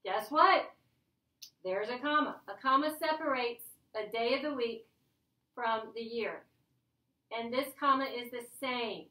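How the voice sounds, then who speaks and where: Playful high-voiced woman teacher. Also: measured pace, pauses often. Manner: lively, playful, chatty teaching. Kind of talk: classroom grammar lesson. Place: classroom. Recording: echoey classroom from a distance.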